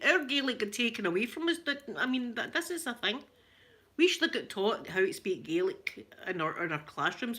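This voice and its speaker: A woman's voice: a little high, pushed and bright. A woman in her forties with a Glaswegian Scottish accent, chatting casually and joking with viewers on a live stream. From Scotland. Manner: chatty and joking, with bursts of laughter. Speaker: livestream host chatting with viewers.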